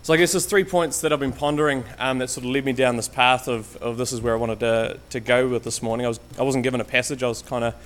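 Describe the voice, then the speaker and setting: The man talks quickly with hardly any pauses, his mid-range voice a bit bright and fairly even in intonation. He's a Canterbury, New Zealand guest lay preacher whose informal church talk is hesitant, with frequent ums and restarts. He uses a stage mic but occasionally walks away from it.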